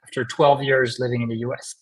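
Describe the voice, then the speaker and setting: French guy talking on a video call, relaxed and friendly, lots of ums, mid pitch. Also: quick pace, poor audio. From France. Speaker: company co-founder guest. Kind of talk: live-stream interview.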